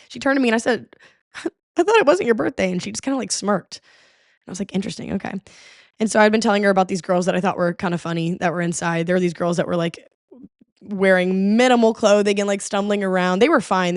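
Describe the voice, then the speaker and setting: A woman hosting a podcast in casual chat, telling stories in an animated way. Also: medium pitch, dry recording, studio quality. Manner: animated storytelling with quoted voices. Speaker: podcast host.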